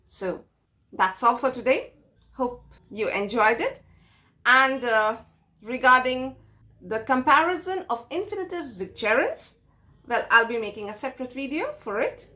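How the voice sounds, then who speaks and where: High, bright-voiced woman teaching grammar. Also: expressive, a little slow. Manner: patient, explains step by step with examples. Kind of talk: explaining a grammar lesson.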